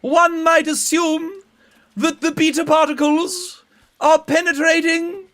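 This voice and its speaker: A man voicing a pompous upper-class English gentleman with a posh English accent, speaking in a haughty, stiffly formal manner. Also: very high-pitched, level tone, slow, pitched above the performer's own voice, heavily acted.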